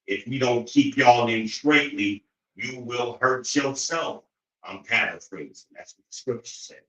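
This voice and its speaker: A man hosting an opinionated monologue, preachy and profane, often climbing into loud, incredulous outbursts. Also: mid-range voice, unhurried, dull audio. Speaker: show host. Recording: roomy echo.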